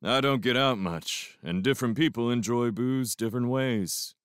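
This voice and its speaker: A man's voice: medium pitch, normal speed, clean tone, no echo, studio quality, lightly acted. A man voicing a good-humored older horseman who toasts with mock formality. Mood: jovial.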